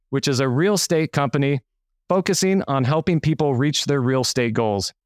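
A man's voice: mid-range voice, normal speed, smooth, no room sound, clean studio sound. A man hosting an interview podcast, upbeat and playful, hyping up his guest. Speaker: podcast host. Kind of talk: scripted intro, then casual interview.

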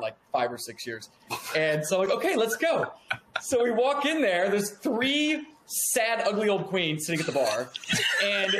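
A podcast guest in his 30s chats casually in an interview, telling stories with lively, profane energy and acting out the dialogue. His voice sits a touch high. The echoey room carries a faint background hum.

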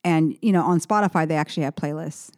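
A woman's voice: sits low, quick pace, a little mellow, no room sound, studio quality. A woman musician chatting as an interview guest, rambling and correcting herself, with easy laughs. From San Francisco Bay Area. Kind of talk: casual interview chat.

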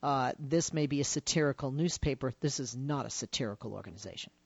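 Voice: mid-range voice, fast, creaky, slightly rough, dry recording, muffled recording. A radio talk show host taking calls and pressing the guest with direct questions.

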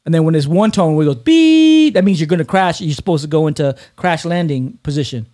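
A man in his fifties, a podcast host telling stories in casual chat, animated, swearing and laughing often. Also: a little high, brisk.

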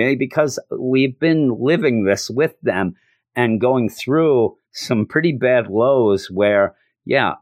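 Animated man recapping a show. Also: lowish voice, no room sound, studio quality. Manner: animated, emotional, frequent restarts. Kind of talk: casual episode recap.

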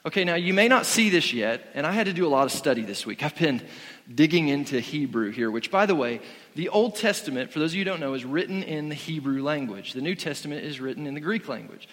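A man's voice: a little high, lively intonation, fast talker, a bit bright, big-room sound. A man preaching a sermon in an earnest, conversational way, often restarting his sentences. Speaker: pastor.

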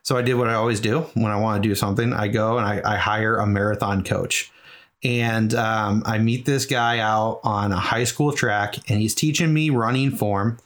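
A man's voice: on the low side, fairly even intonation, moderate pace, fairly bright tone. A middle-aged man from New England telling a long personal story as an interview guest, earnest and rambling with many fillers. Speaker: guest, charity marathon runner.

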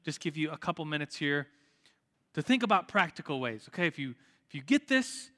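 A man's voice: a little high, very animated, brisk, bright, forceful tone, long reverb tail. A man teaching a Sunday school class in a casual, chatty way, full of "like" fillers and restarts, before leading a prayer. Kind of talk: informal church class teaching, closing in prayer. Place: church classroom or hall.

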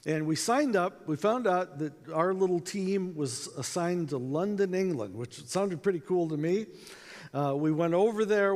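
A man's voice: on the high side, a little mellow. An American man giving a conference talk, telling a personal story in a conversational way and acting out the voices in it. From United States. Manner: conversational, acts out quotes, many fillers. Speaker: conference speaker. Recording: echoey hall with long reverb.

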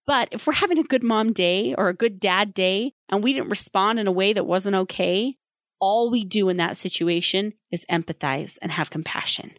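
A mother giving parenting advice in a candid monologue, brisk and emphatic with a wry, plainspoken humor. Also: medium pitch, no room sound. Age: adult with children.

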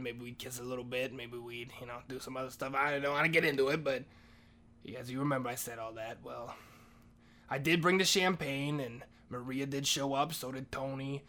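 A man's voice: medium pitch, bright, forceful tone. A man doing a rambling, profane comedic monologue as a heartbroken janitor. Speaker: comedy podcast host playing a janitor.

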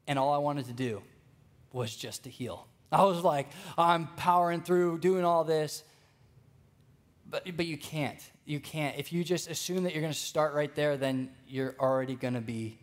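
A young man preaching a sermon, telling stories with lively energy and speaking straight to the congregation. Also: a little high. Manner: storytelling, animated, addresses congregation directly.

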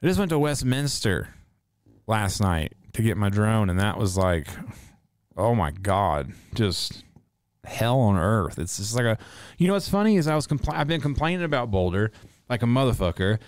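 A man in his thirties from North Carolina, chatting casually with his audience and ranting in profane, animated bursts. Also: fairly low pitch, moderate pace, no echo. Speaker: streamer answering chat. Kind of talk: casual rambling chat.

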